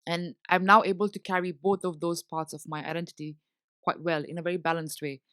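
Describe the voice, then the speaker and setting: A woman's voice: fairly low pitch, flat delivery, fairly quick, fairly bright tone, clean tone, dry recording, studio quality. A young woman from India, talking reflectively in a casual interview, with frequent fillers. Her English accent switches between Indian and British. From India (Bombay). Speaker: guest.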